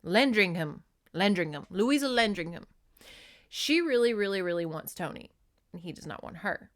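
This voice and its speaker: A woman podcast host recapping a trashy novel in casual chat. She is animated and profane and laughs often as she talks. Her voice sits at a middle pitch for a woman. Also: normal speed.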